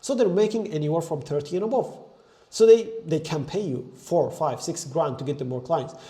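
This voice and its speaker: A man's voice: fairly high pitch, normal speed, warm tone. A young man coaching on business, talking energetically and emphatically, dropping "like" and "right?" all through. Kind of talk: motivational business talk to camera.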